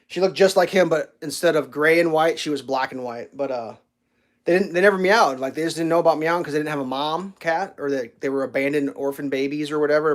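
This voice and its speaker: A man hosting a casual home livestream, telling rambling stories and talking to his cat. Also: a little high. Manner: rambling storyteller, stammers on restarts; baby talk with his cat. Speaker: livestream host. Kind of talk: casual chat.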